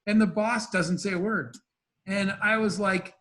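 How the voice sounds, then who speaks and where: Man, raised voice, entrepreneur guest; spins animated anecdotes, acts out dialogue. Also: high voice, moderate pace. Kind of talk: storytelling interview talk.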